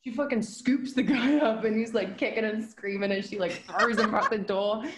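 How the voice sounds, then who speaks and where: Animated profane woman, echoey room. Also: mid-range voice, normal speed, very noisy. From England. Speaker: guest. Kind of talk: casual storytelling.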